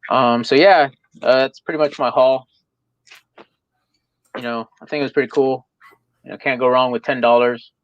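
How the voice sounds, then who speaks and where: A man's voice: mid-range voice, fairly even intonation, moderate pace, pauses often, no echo, dull audio. A young man co-hosting a live stream in a casual, laid-back chat, full of fillers and easy laughs.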